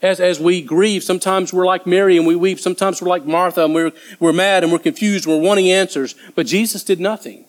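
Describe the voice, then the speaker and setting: A man's voice: high-pitched, steady tone, a little fast, few pauses, low-quality recording. Man preaching a casual sermon. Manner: conversational, acts out disciples' voices. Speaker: pastor.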